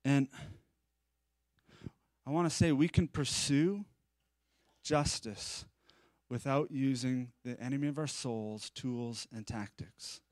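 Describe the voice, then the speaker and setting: A man preaching a conversational sermon at a live-streamed church service. He is animated and chatty, with self-deprecating asides. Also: mid-range voice, takes it slowly, pauses often, no echo. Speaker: pastor.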